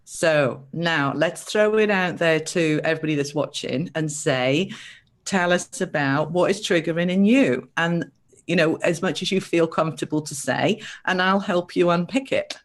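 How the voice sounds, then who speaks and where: Woman therapist talking on a live stream, lively, keeps asking questions and acting out voices. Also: sits low, moderate pace. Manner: animated, acts out quoted voices, asks many questions. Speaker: therapist guest. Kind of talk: explaining spiritual ideas on a live show.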